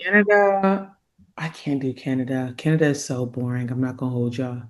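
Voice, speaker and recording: An American woman co-hosting a podcast, telling stories in an animated, casual way. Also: very deep voice. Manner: animated storyteller, drawn-out complaints. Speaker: podcast co-host. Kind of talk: casual chat.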